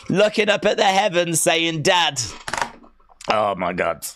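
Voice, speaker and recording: A man giving live reaction commentary as a wrestling watch-along streamer, emotional and excitable, often shouting and reading viewer chat aloud. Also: fairly high pitch, measured pace, pauses often.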